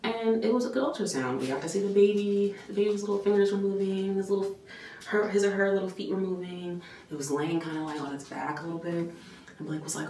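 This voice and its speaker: A woman vlogger telling a story in a casual, animated way, swearing freely and saying "like" a lot. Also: mid-range voice, fast talker. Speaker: vlogger and nurse. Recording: echoey room, mic at a distance, faint background noise.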